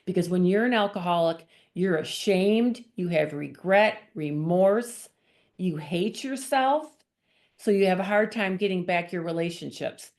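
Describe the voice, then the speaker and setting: A woman's voice: lowish voice, darkish tone. A woman telling her personal faith testimony as a guest author, earnest and emotional in her storytelling.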